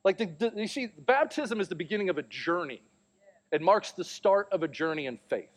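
Telling a family story from the pulpit, this pastor in his thirties brings it to life by voicing the quotes himself. His voice sits high and moves fairly quickly.

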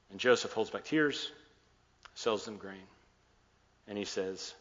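A man's voice: on the low side, takes it slowly, pauses often, a bit bright. A man preaching a sermon, retelling a scripture story casually, acting out the dialogue and slipping in jokes. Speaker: pastor. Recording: muffled, echoey hall sound.

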